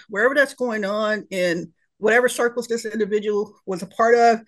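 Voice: mid-range voice, a bit bright. Impassioned professor guest. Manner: impassioned, emotional, frequent restarts. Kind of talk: passionate panel discussion.

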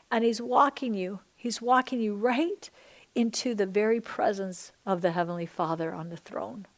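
A middle-aged woman pastor leading an earnest, fervent prayer during a sermon. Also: fairly high pitch.

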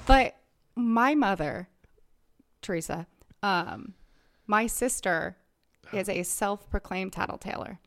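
A woman's voice: mid-range voice, slow pace, long pauses, fairly bright tone. Woman on a movie podcast, chatty, asks questions, does little voices when quoting people. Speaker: podcast co-host. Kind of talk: casual film discussion.

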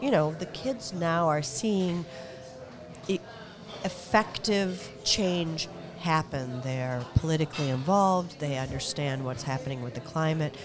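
A woman's voice: low-pitched, unhurried. Earnest middle-aged woman hosting a chat. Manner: earnest, laughs easily. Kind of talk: casual chat. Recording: lively crowd noise behind.

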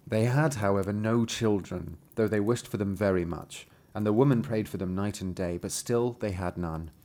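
A man's voice: lowish voice, normal speed, mellow. A man hosting a podcast, reading a fairy tale aloud with dry, wry asides. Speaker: podcast host.

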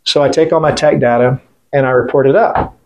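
A middle-aged man speaking at an everyday pitch, telling a story in a casual interview. He talks bluntly and swears freely, and he often breaks off and restarts his sentences. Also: fairly even intonation, brisk. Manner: blunt, profane, rambling with restarts. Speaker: veteran guest.

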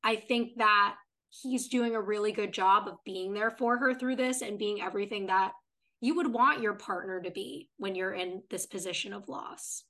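A woman's voice: mid-range voice, moderate pace, sharp tone. A woman co-hosting a podcast, chatting casually and retelling TV scenes at length. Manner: retells scenes at length, reading out characters' lines. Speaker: podcast co-host. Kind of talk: casual chat recapping a TV episode.

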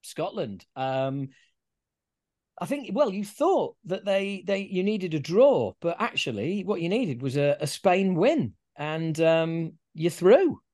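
Male podcast host, joking and sweary, slightly higher voice, chatty. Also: sing-song, takes it slowly, darkish tone. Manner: sweary, self-mocking humour. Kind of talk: casual football chat.

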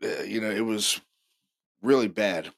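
A man hosting a paranormal show, telling stories casually in an excited, rambling way full of fillers and restarts. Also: lowish voice, unhurried, gravelly. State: deaf in left ear. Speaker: paranormal podcast host. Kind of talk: casual storytelling monologue.

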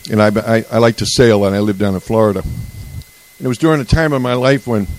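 A man's voice: on the low side, fairly quick, darkish tone, a little hiss or hum, poor audio. A man sharing a personal story at a recovery group meeting, speaking in a rambling, conversational way with restarts. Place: retreat meeting room.

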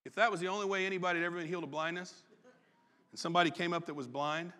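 A man preaching a sermon as pastor, folksy and conversational with quick asides. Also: high-pitched, steady tone, bright, forceful tone. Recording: long reverb in a large hall.

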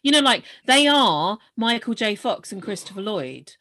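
A woman's voice: medium pitch, very animated, normal speed, bright, forceful tone. A woman co-hosting a podcast, chatting bluntly and teasing her co-host, swearing casually. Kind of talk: casual chat.

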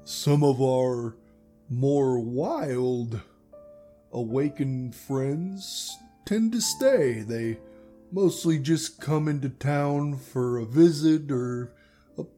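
A man's voice: mid-range voice, slow, dark tone, soft background music, close to an everyday voice. A man voicing a friendly, hospitable male animal villager in a tabletop game who speaks in a folksy way.

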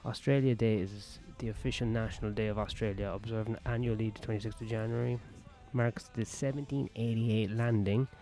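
Male comic, low and mellow, foul-mouthed and joking, casual outdoor vlog with faint music behind. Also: fairly even intonation, a little fast, hardly any pauses. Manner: crude, profane, joking. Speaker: stand-up comedian. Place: outdoor back patio.

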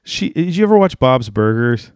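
A man's voice: medium pitch, very animated, moderate pace, a little mellow, smooth, no echo, studio quality. A man co-hosting a podcast in casual chat, rambling with lots of fillers and restarts. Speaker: podcast co-host.

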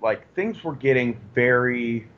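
A man's voice: mid-range voice, lively intonation, unhurried. A man talking with an old friend as a guest in a casual chat, joking and teasing as he talks. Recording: dull lo-fi sound.

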